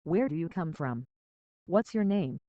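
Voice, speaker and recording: A reader voicing a gentle, kindly female nurse who speaks softly and coaxingly, on a dull, dry lo-fi recording. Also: mid-range voice, expressive, measured pace, dry recording, natural voice. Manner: soft, coaxing.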